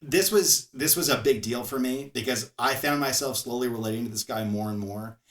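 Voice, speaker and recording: A man co-hosting a podcast, chatting casually in an animated way, laughing often and restarting his phrases. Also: mid-range voice, a little fast, roomy sound. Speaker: podcast co-host. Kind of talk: casual chat.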